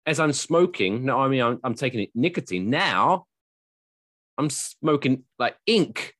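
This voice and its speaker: Animated, jokey male podcast host. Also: medium pitch, unhurried, no echo, studio quality. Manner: jokey, animated, swears freely. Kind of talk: casual podcast chat.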